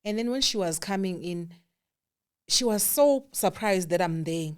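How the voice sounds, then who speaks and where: A South African woman with a low-pitched voice tells her own story as an interview guest. She talks candidly and animatedly, acting out the voices of the people she quotes, and her voice sinks to a quiet hush in the heavy moments. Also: measured pace, clean tone. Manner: candid, animated quoting of others, drops to hushed tones. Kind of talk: emotional personal storytelling.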